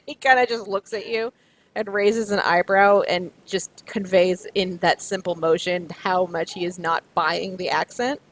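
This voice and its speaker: A woman's voice: fairly low pitch, steady tone, measured pace, low-quality recording. A woman acting as game master, narrating a tabletop game in a chatty way with many fillers. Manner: chatty, full of fillers and restarts.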